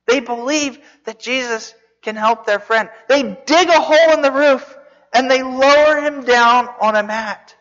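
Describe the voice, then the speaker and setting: Preacher, sermon, high voice, storytelling with rhetorical questions, long hall reverb, dull sound. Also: unhurried. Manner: animated storytelling, rhetorical questions, joking asides.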